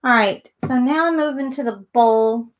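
Chatting as she paints, a middle-aged woman hosts a live tutorial and voices her thoughts along the way, speaking at a moderate pace in a fairly high voice.

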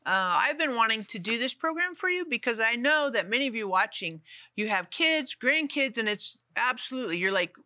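Woman, crisp bright tone, earnest, encouraging, dry close sound. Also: fairly high pitch, animated, fairly quick, dry recording. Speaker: talk show co-host. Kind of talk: talk show chat.

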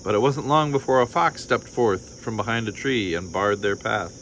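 Man calmly reading a storybook. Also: lowish voice, moderate pace, a little hiss or hum, rough recording. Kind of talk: reading a picture book aloud.

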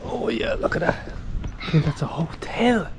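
A man's voice: fairly high pitch, animated, normal speed, gravelly, noisy background. A man hosting a casual travel vlog outdoors, chatty and upbeat, talking to his viewers as he walks along a street. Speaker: travel vlogger. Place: outdoors on a town street with passing traffic.

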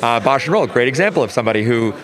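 A man's voice: medium pitch, lively intonation, racing. A man who judges card games, answering interview questions thoughtfully and with enthusiasm. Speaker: tournament judge.

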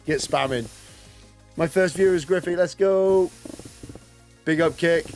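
Chatty male game streamer, a touch high-pitched, loose and rambling, faint music underneath. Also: normal speed. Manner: chatty, rambling, greets and answers chat, laughs often. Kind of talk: casual live-stream commentary.

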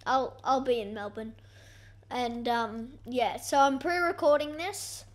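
A young woman giving excitable, self-mocking commentary over her own gameplay. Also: on the high side, a little slow. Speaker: gaming YouTuber.

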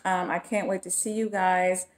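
A woman talks in a relaxed vlog. She gushes her thanks and keeps a casual, personal tone with her viewers. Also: on the low side, moderate pace. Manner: effusive, gushing thanks. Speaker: vlogger.

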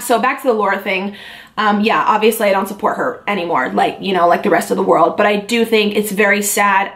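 This is a young woman talking straight to her viewers in a candid vlog. Her voice sits at a middle pitch. She speaks earnestly and confides in them, with plenty of ums and likes. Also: a bit bright. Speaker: beauty vlogger.

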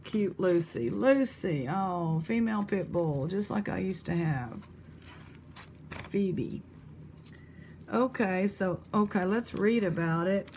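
A woman's voice: medium pitch, animated, slow, darkish tone, slight background noise. A woman chatting casually in a vlog, exclamatory and thinking aloud as she shows her finds. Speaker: vlog host. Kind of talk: casual vlog chat showing thrift finds.

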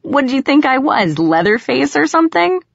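A mischievous teenage boy who teases and needles everyone around him, as a woman reads him aloud. His voice sits higher than the reader's own and often pulls back a little from the mic. The recording is dry and slightly muffled. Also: very animated, moderate pace, gravelly, no room sound, exaggerated voice. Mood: teasing. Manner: teasing, laughing, mocking. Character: mischievous teenage boy, teasing prankster neighbor.

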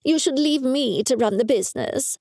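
A woman's voice: sits high, expressive, moderate pace, gravelly, darkish tone, no echo, clean studio sound, pitched above the performer's own voice, exaggerated voice. A woman voicing a fussy, superstitious older mother who scolds her daughter in a raised, insistent voice. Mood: scolding.

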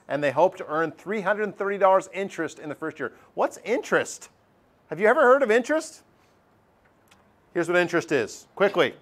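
A middle-aged man teaching a math class, lively and joking, acting out his students' voices. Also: fairly high pitch. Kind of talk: classroom lecture.

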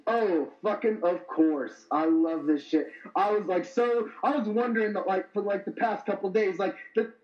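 A man's voice: high-pitched, normal speed, few pauses, echoey room, lo-fi sound. A man co-hosting a casual podcast, rambling and filling his talk with "like". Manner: rambling, peppered with "like". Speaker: podcast co-host.

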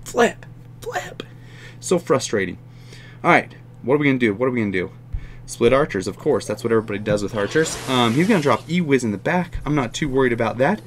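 Excitable man commentating his own gameplay. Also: medium pitch, brisk, slight background noise. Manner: excitable, talks to the game, repeats phrases. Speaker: gaming YouTuber.

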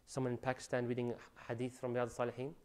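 A man giving an animated religious lecture, preaching with loud rising emphasis and Arabic phrases mixed in. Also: medium pitch, quick pace. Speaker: Islamic lecturer.

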